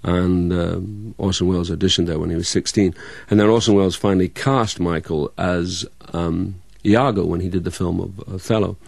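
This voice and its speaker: Deep gravelly man with a hybrid Scottish accent. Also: fairly even intonation, darkish tone, no room sound. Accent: hybrid Scottish-English-American. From Scotland, Dundee. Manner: halting, many restarts and fillers. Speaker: actor. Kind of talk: casual interview chat.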